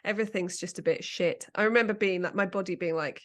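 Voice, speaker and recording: A middle-aged English woman with a British accent, co-hosting a podcast in casual chat and telling lively anecdotes with laughter and the odd swear word. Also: mid-range voice, a little fast, few pauses. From England. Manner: animated storytelling, laughs and swears freely. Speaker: podcast co-host.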